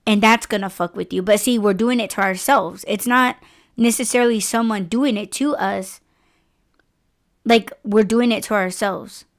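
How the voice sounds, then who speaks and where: A woman hosting a podcast, talking in a rambling, profane, animated way in casual chat. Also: medium pitch, normal speed. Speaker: podcast host.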